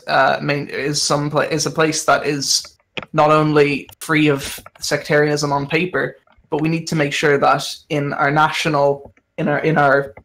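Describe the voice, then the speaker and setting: A man on a debate panel argues with rising passion, pressing hard on his key points. His voice sits a little high. Faint noise hums behind him. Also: fairly bright tone. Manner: impassioned, rising to emphasis. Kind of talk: political debate answer.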